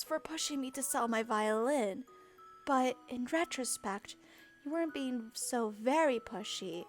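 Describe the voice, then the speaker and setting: A woman's voice: fairly high pitch, natural voice. A woman doing a proud, caring heroine with a posh English lilt. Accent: attempted upper-class English. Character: caring, proud young woman, gently scolding.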